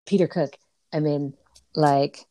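A woman's voice: deep voice, steady tone, takes it slowly, mellow, dry recording. A woman chatting casually and enthusiastically about a favorite film. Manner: enthusiastic, giggly. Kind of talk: casual movie discussion.

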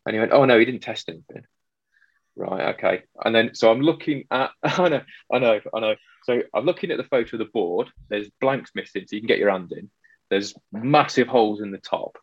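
A man's voice: mid-range voice, a little fast, husky, no echo, highs cut off. A man working as an electrician tells a work story in casual chat, acting out both sides of the dialogue.

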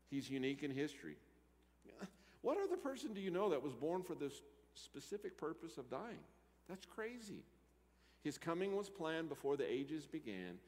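A man preaching a sermon, moving between loud emphatic lines and quiet asides. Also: medium pitch. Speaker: pastor. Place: church sanctuary. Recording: church hall reverb.

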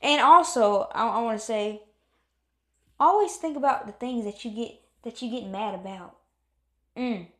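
A woman's voice: fairly high pitch, a little slow, pauses often, roomy sound. A woman giving a casual motivational talk, earnest and encouraging, repeating herself and acting out moods as she speaks.

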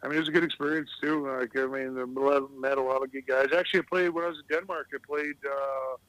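A man's voice: mid-range voice, steady tone, quick pace, fairly bright tone, no room sound, rough recording. A middle-aged man who used to play pro hockey, telling loose, rambling stories as a guest on a casual podcast and laughing at his own anecdotes. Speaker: guest, retired hockey player.

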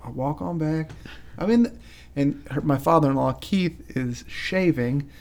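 A man's voice: fairly high pitch, unhurried, darkish tone. A man co-hosting a podcast, telling crude, joking stories in casual chat. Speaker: podcast co-host.

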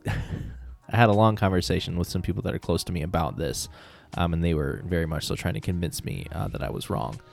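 Male podcast host, very low voice, earnest and rambling, faint music underneath. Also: fairly quick, creaky. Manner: rambling, frequent "like" fillers, earnest. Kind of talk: casual faith podcast conversation.

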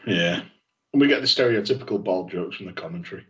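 A man's voice: low-pitched, expressive, fast talker, fairly bright tone. A man, casually recapping a show as a podcast co-host, with dry sarcastic asides. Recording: dull lo-fi audio.

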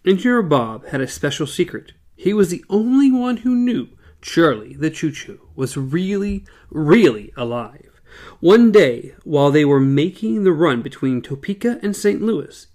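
A man's voice: on the high side, very animated, unhurried, a little mellow. A man hosting a podcast, casually reading a storybook aloud in a playful way and stumbling over words now and then. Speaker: podcast host.

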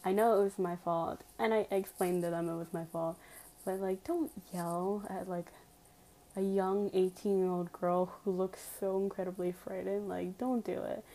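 A woman's voice: medium pitch, flat delivery, normal speed, mellow, poor audio. A woman telling a personal story to her viewers in a casual, emphatic way, full of "like" fillers and direct appeals.

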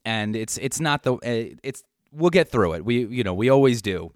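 A man's voice: mid-range voice, expressive, moderate pace, dry recording, studio quality. A man in casual chat, speaking in a reflective, reassuring way with many fillers.

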